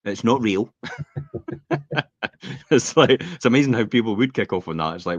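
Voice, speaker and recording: Animated Scottish man telling rambling stories. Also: lowish voice, moderate pace, breathy edge, no echo. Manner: rambling, animated storyteller who acts out quotes. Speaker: podcast co-host. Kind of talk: casual chat, anecdotal storytelling. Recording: dull, slightly lo-fi podcast audio.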